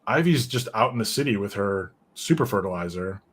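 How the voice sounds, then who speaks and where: A man's voice: fairly low pitch, expressive, fairly quick, a bit bright, husky. A man hosting a casual comic book discussion who rambles and drifts into side notes. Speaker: podcast host reviewing comics.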